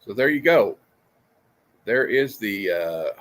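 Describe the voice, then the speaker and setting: A man's voice: on the low side, animated, slow, fairly bright tone. A man hosting a casual livestream, chatty and ranting, who laughs often. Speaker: comic show host.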